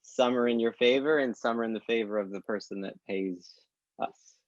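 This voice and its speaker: A man speaking as a guest in a casual podcast conversation, telling stories lively and acting out quoted dialogue. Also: mid-range voice, normal speed, no room sound. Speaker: guest, tech company founder. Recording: dull lo-fi dry sound.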